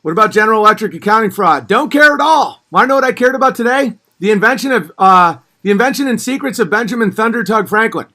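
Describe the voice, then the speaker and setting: Man, livestream host, high voice, bright tone, blunt and profane, animated chat. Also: fast talker, hardly any pauses.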